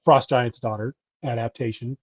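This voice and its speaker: This middle-aged man, a podcast co-host, makes casual, chatty conversation that wanders and doubles back as he restarts sentences and corrects himself. His mid-range voice keeps a steady tone at a moderate pace, recorded dry on dull lo-fi audio.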